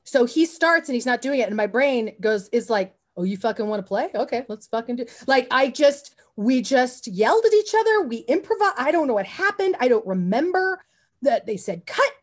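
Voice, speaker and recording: A woman guest on an interview podcast, telling stories in an animated, rambling way with many asides and restarts. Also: sits high, moderate pace. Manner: often says "you know what I mean". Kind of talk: casual interview storytelling.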